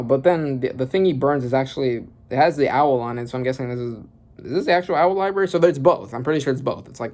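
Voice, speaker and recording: Man, casual reaction host. Gravelly voice, mid pitch, rambling and self-correcting. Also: darkish tone. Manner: rambling, thinking aloud with many fillers and restarts. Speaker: manga reaction youtuber.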